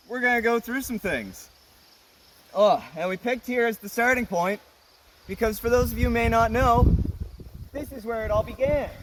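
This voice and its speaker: Joking, self-correcting festival host; slightly high man's voice; outdoor field recording off-mic with insect noise. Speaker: host of a virtual music festival. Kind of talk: casual rambling vlog intro. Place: outdoors at a rural campsite. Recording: distant mic, insects in background.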